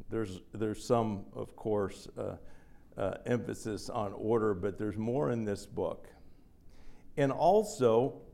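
A man's voice: mid-range voice, a little mellow. A man preaching a sermon in a teaching manner, often putting a question to the listeners and answering it himself.

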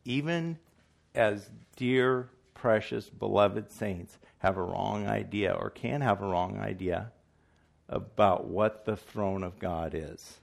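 Gravelly, low-voiced male preacher. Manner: conversational, halting, self-deprecating. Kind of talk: sermon.

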